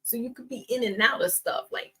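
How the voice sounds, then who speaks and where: A woman's voice: fairly high pitch, moderate pace, pushed and bright, breathy edge, rough recording. A woman giving a casual tarot reading, chatty and teasing, laughing often as she talks. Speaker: tarot reader.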